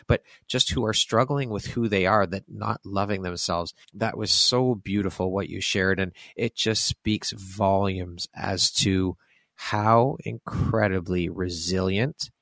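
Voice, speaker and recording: Slow, deep-voiced male podcast host. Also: vocal fry, no room sound. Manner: warmly affirming. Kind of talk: interview.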